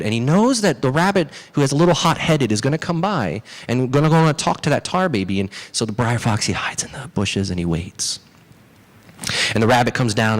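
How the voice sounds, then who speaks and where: A man from the southern United States preaching a sermon as a pastor, telling a story with animated emphasis. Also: lowish voice. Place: church.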